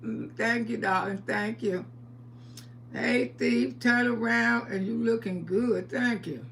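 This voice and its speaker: Older woman as a live-stream host: bright, gravelly, unhurried, quick to laugh. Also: on the high side, slight background noise. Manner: chatty and playful, laughs often, calls viewers sugar and baby. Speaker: livestream host. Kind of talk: casual live-stream chat, greeting viewers.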